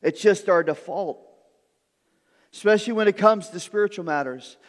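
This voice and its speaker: High-voiced preacher in a reverberant hall. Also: male voice, moderate pace. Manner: earnest, animated storytelling with repeated words at starts. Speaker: pastor. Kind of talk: sermon. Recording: long reverb of a large room.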